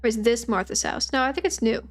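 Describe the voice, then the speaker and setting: A woman's voice: a little high, quick pace, a little hiss or hum. A woman streamer giving playful, joking commentary while playing a game. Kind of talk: let's play commentary.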